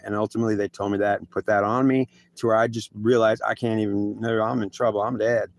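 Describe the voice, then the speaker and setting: An older man telling his own story in a rambling, intense monologue, harshly critical of himself. His voice sits low with a gravelly edge. The sound is dry and close, with no room echo. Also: fairly even intonation, quick pace, hardly any pauses. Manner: rambling, intense, self-critical, frequent restarts. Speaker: veteran storyteller. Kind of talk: emotional personal monologue.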